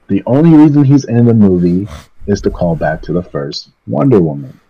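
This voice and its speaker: A man's voice: fairly low pitch, animated, normal speed, warm tone, breathy edge, lo-fi sound. A man co-hosting a podcast in casual chat, blunt and dismissive, repeating words for emphasis. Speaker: podcast co-host reviewing a film.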